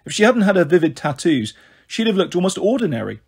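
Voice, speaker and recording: Husky-voiced man reading a novel. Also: sits high, big pitch swings, fast. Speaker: audiobook reader.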